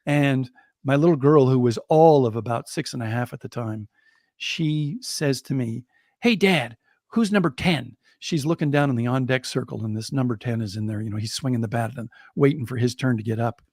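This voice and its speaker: A middle-aged American man, a storyteller, telling a personal anecdote on a podcast in a lively way and chuckling as he goes. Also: medium pitch, brisk, no room sound, clean studio sound. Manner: lively, chuckling, builds excitement as he tells it.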